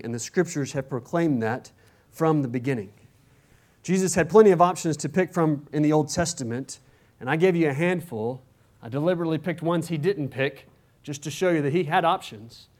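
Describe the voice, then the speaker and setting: A man with a fairly high voice delivers a sermon to his congregation. He preaches in a conversational way, often stopping to ask rhetorical questions. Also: a little mellow. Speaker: pastor.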